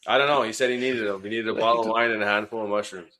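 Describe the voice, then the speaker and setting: A man's voice: lowish voice, fairly even intonation, rapid-fire, sharp tone. A man from Northern British Columbia, a guest outfitter telling hunting stories in casual talk, laughing often and swearing freely. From Northern British Columbia, Canada. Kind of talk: casual storytelling.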